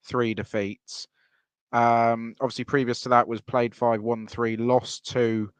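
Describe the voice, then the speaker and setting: A man's voice: medium pitch, fairly bright tone, clear, resonant tone, no echo. A man hosts a football fan podcast, recorded dry and close. He sums up results and hands questions to his guests. His speech is casual, with hesitant ums. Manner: steers the talk, hesitant fillers. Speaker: podcast host.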